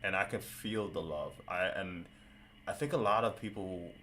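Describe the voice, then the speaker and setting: Stuttering podcast host, animated man. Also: low voice, normal speed, slight background noise. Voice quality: stutters, loses words. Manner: animated, laughing, swears casually. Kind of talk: casual podcast chat.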